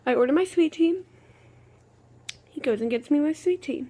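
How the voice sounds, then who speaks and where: A woman's voice: high-pitched, animated, normal speed, mellow. A woman, telling a rambling, exasperated story in a casual vlog. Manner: rambling, exasperated, full of "okay" restarts. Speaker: vlogger.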